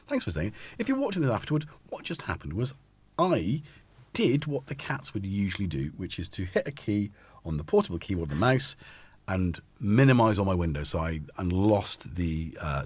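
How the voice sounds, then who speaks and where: A chatty host with a northern English accent who wanders from one thought to the next and pokes fun at himself. His voice is low and a little husky, and his pitch swings widely. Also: a little mellow. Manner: rambling, chatty and self-deprecating. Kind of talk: casual live-stream chat.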